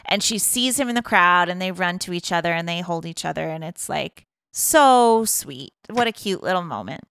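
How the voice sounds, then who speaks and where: Bright, chatty woman podcaster. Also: on the low side, expressive, a little fast, vocal fry, smooth, no echo, clean studio sound. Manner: chatty, rambling, lots of fillers. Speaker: podcast co-host recapping a film. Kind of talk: casual chat.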